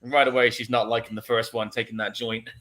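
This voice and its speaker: Male podcast host, relaxed casual movie talk, mid-range voice, quick to laugh. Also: mid-range voice. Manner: laid-back, easily laughing, reads chat comments.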